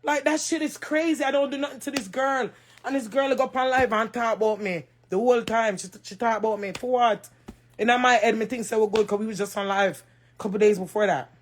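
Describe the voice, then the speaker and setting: High-voiced crying Jamaican woman ranting. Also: a little fast, a little hiss or hum. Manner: emphatic and repetitive, raising her voice at times. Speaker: social media personality. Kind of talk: emotional livestream rant.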